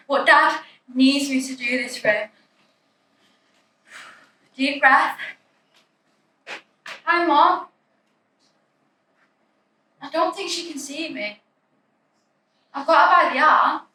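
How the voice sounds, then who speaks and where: A young woman tells her story in the first person, anxious and breathless. Her voice is high and bright. The recording is very echoey and distant, with a faint hiss behind it. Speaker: narrator. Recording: echoey room, distant mic, faint noise.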